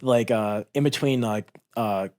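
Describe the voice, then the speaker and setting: A man's voice: mid-range voice, a little slow. A man in his thirties, a former Marine, telling a combat story in a candid, profane, intense way on a podcast. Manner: intense, profane, re-enacts shouts. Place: podcast studio.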